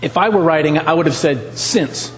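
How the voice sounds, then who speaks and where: A man's voice: a little high, moderate pace, a bit bright, in a large hall, rough recording. A man preaching a sermon, talking with animation, asking the congregation questions and repeating lines for emphasis.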